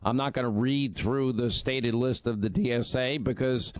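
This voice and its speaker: Talk radio host with a worn voice. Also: male voice, mid-range voice, fairly even intonation, normal speed, clean tone, no room sound. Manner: conversational, self-deprecating banter. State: strained, worn voice from overuse.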